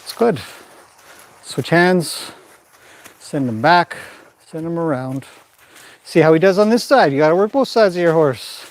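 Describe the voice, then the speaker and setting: A man training a horse in a pen, calmly explaining what he does while softly praising and directing the animal. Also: on the high side, a little slow, pauses often. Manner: calm running commentary mixed with soft praise to the horse.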